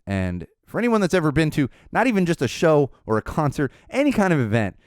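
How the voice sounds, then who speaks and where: A man's voice: fairly high pitch, wildly swooping pitch, brisk, dry recording, studio quality. A man hosting a podcast, telling a long casual story with many fillers and restarts. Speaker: podcast host.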